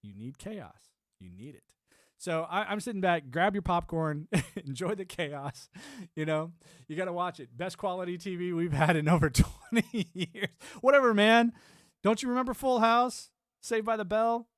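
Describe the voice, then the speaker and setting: Guy streaming, talks in loops, keeps laughing, kinda high voice, dead dry mic. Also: moderate pace, no room sound. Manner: rambling, laughs often, animated swings. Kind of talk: casual live-stream chat.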